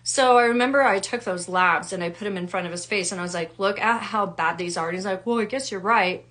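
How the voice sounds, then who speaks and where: A woman and wellness coach telling her own story in a casual, animated way, acting out the people she quotes with big jumps in her voice. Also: lowish voice, quick pace. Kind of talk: personal storytelling to camera.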